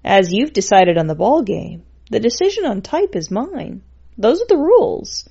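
A woman's voice: a little high, big pitch swings, moderate pace, gravelly, mellow, husky, lo-fi sound, full character voice. A woman voicing a plucky, wry young woman cook who talks in a chatty, playful way. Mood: bold.

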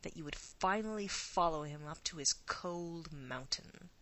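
A woman's voice: low-pitched, unhurried, a bit bright, low-quality recording. A woman voicing an ancient predatory female creature who poses as a countess, with a purring, seductive, coaxing manner.

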